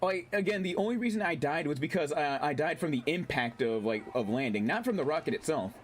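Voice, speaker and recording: A man casually commentating his gameplay on a stream, excitable, swearing, laughing and reading chat aloud. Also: fairly high pitch, a little fast, slight background noise.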